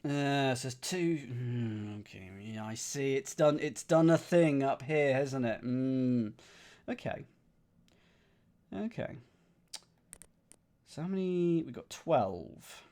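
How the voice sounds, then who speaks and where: A man's voice: mid-range voice, lively intonation, slow, long pauses, a little mellow. Man thinking aloud over a puzzle game. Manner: thinks aloud, counts squares under his breath. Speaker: gaming streamer. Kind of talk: casual puzzle-game commentary.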